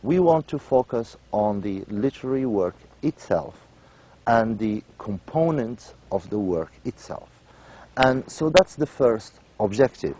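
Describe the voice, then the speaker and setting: A man giving a university lecture. He repeats key points, checks in with "right?" and pauses often on "um" and "uh". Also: medium pitch, animated, warm tone, slight background noise, poor audio. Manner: many "um" and "uh" pauses. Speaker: literature lecturer.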